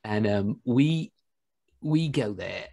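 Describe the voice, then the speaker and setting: A British man hosting a podcast, telling anecdotes in an animated, jokey way. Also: lowish voice, takes it slowly, gravelly. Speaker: podcast host. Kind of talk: casual storytelling chat.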